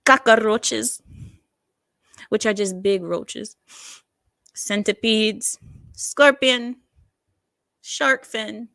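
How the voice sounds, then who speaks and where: A woman's voice: on the high side, extremely slow, gravelly, pauses often, a bit bright, no echo. Sarcastic woman doing casual news commentary. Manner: sarcastic, digressive, laughs at herself. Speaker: online commentary host.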